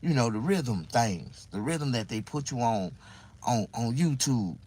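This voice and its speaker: A man's voice: mid-range voice, lively intonation, measured pace, dark tone, husky, rough recording. A man talking casually to viewers on a livestream, rambling and repeating himself in mock confusion.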